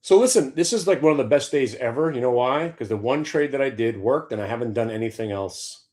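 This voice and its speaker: A man's voice: mid-range voice, a little fast, a little mellow. A man hosting a stock market show, ranting in a brash, profane, sarcastic way. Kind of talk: opinionated trading talk.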